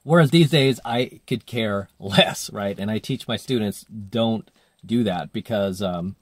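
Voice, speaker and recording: A man's voice: fairly low pitch, expressive, unhurried, no echo. Chatty male dating coach, dry close sound. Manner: chatty storytelling, acts out quoted voices, filler-heavy. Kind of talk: casual coaching monologue.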